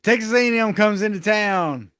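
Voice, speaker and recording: A man's voice: high voice, normal speed, a bit bright, no echo, clean studio sound. A man co-hosting a casual sports podcast, easygoing, laughing often and hedging his points with "uh". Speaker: podcast co-host.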